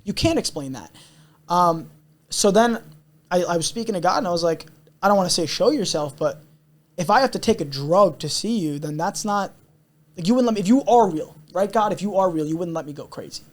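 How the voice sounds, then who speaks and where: A young man's high-sitting, animated voice moves fairly quickly as he shares a personal story on a podcast. He's candid, intense and earnest, and he tends to repeat himself.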